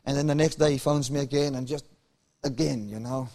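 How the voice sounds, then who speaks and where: A man's voice: mid-range voice, fairly even intonation, a little fast, a little mellow. A man from Africa, preaching a sermon and telling stories with chuckles while acting out dialogue. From South Africa.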